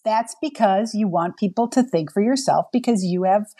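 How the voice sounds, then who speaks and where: A woman's voice: medium pitch, moderate pace, mellow, slightly rough. Earnest woman guest in an interview. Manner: earnest and emphatic. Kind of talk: conversational interview.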